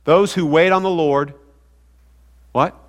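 A man's voice: fairly high pitch, steady tone, slow. A man preaching a sermon to his congregation in a conversational way, often asking the room questions. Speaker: pastor. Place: church sanctuary. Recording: hall reverb.

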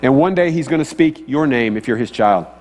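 A man's voice: mid-range voice, expressive, brisk, darkish tone. Man preaching in an echoey hall. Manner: conversational, asks the audience questions. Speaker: pastor. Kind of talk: sermon. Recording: long hall reverb, faint mains hum.

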